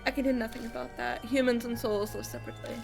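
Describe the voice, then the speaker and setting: Woman reading as a calm elderly medium. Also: on the high side, quick pace, creaky, music in the background.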